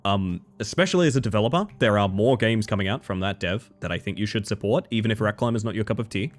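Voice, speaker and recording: A man streaming live and chatting casually with his viewers, animated, often breaking into high squeals and laughter. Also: fast talker. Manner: chatty, thanks viewers warmly.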